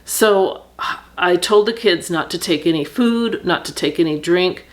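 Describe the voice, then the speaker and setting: A middle-aged woman telling a personal story on her vlog, earnest and reflective, pausing with fillers and restarting sentences. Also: on the low side.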